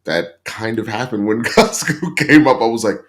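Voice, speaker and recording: A man co-hosting a casual TV review show, talking in a relaxed, rambling, slangy way. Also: medium pitch, moderate pace.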